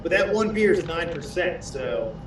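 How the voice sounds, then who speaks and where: A man co-hosting a casual livestream, joking crudely in a lively way. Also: on the high side, moderate pace, reverberant, far from the mic, background noise. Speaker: livestream co-host.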